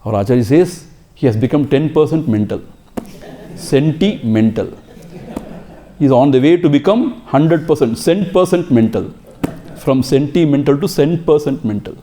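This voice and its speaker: Warm emphatic Indian English swami. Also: male voice, a little high, animated, normal speed, slight background noise. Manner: emphatic, exhorting, rhetorical questions. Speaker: swami teaching scripture. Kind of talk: spiritual lecture.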